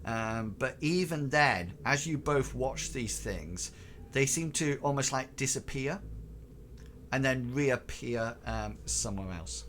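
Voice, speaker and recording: A man's voice: mid-range voice, lively intonation, slow, a bit bright. A man narrating as game master, hesitant and full of fillers and restarts. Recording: noisy recording.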